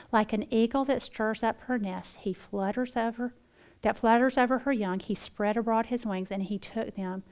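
A middle-aged woman, giving a folksy devotional talk to a women's group. She moves between hushed asides and loud, lively bursts. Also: mid-range voice. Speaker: women's Bible teacher.

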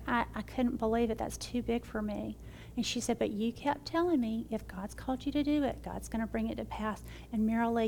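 Mom type teaching bible study, bit gravelly, slightly higher voice, swings from excited to hushed. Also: female voice, a little hiss or hum. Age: middle-aged. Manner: warm storytelling, shifts between excited and hushed. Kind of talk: devotional teaching and prayer.

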